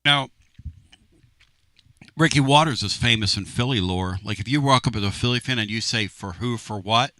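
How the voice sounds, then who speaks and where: A man hosting a sports talk radio show, telling animated stories in a brash, lively way. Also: mid-range voice, normal speed, long pauses, dry recording, clean studio sound. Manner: animated storyteller, does mock voices, brash.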